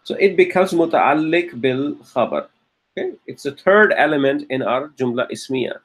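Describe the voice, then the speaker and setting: A man teaching Arabic grammar in a classroom lecture, patiently checking in with frequent "okay?" and slowing down to stress key terms. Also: fairly high pitch, expressive.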